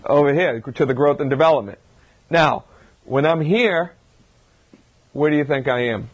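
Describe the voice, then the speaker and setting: A man's voice: on the high side, normal speed, muffled recording. A man, a chiropractor, gives an informal lecture to a live audience, talking through his points with rhetorical questions and frequent restarts. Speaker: chiropractor giving a health talk.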